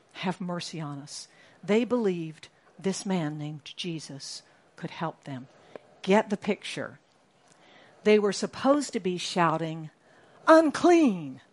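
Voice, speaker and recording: A woman preaching a sermon to a congregation, animated and rising to sudden shouts for emphasis. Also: fairly low pitch.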